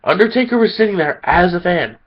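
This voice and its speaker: A man rants with heated indignation, sounding tired and a bit sick. His voice sits fairly high for a man. The recording is dull and lo-fi. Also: expressive, fairly quick. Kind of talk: angry opinion rant.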